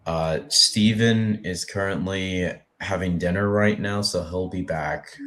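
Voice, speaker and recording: A man co-hosting a casual review chat who addresses the viewers in an unhurried way. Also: low-pitched, a bit bright, slight background noise. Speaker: co-host.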